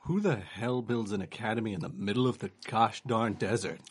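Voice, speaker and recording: A man playing a tabletop game, gruff and incredulous. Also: on the low side, steady tone, a little fast. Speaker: player.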